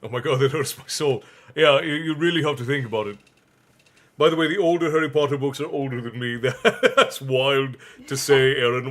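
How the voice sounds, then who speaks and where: A man's voice: medium pitch, moderate pace, a bit bright. A young man hosting a live stream, reading a novel aloud and breaking off for chatty, joking asides to his chat. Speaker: stream host and reader.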